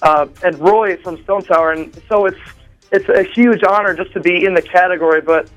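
A man, a drummer, chatting excitedly on a phone line with a radio show, rambling with many fillers and restarts. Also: sits high, normal speed, faint music behind. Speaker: drummer interviewed as a guest. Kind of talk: excited phone interview chat.

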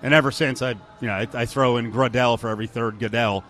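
Male sports radio co-host, mid pitch, dry joking delivery. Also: steady tone, fast, fairly bright tone, faint music behind. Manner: joking, sarcastic banter. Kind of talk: casual sports talk.

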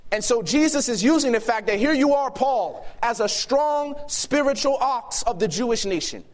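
A man preaching a sermon to a youth gathering, emphatic and shifting between loud and hushed delivery. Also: sits high. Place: youth camp meeting hall.

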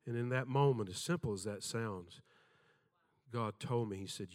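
A man's voice: fairly low pitch, normal speed, darkish tone. An older man preaching a sermon, telling folksy stories with self-deprecating humor and acting out the voices in them.

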